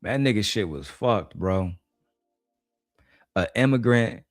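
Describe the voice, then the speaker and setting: A man's voice: lowish voice, expressive, slow, no echo, studio quality, faint music behind. A man hosting a reaction video, giving mocking, slangy commentary on a debate clip.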